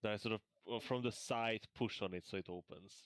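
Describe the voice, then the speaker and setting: A man's voice: on the low side, a little fast, a bit bright. A man playing a tabletop game, speaking cautiously with dry jokes. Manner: cautious, joking, laughs often. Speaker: player. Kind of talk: casual tabletop play.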